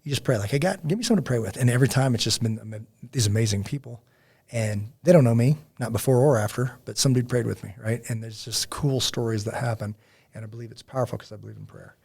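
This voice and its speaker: Male podcast host with a gravelly, somewhat husky voice; animated, rambling chat. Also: medium pitch, fast talker. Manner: rambling, animated storyteller with many fillers. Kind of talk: casual faith podcast chat.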